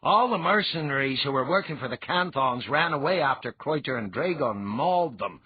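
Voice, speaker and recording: A man voicing a blunt, hearty clan chief with a husky voice. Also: mid-range voice, voice pushed up. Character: gruff blunt clan chief, reformed drinker. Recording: dull lo-fi audiobook recording.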